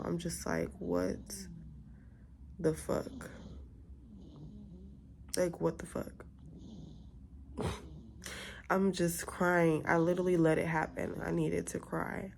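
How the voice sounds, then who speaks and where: A woman's voice: lowish voice, gravelly, a little hiss or hum. A young woman in her twenties, venting candidly in a casual storytime vlog and acting out both sides of an argument. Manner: candid, venting, quotes others in lively asides. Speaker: vlogger.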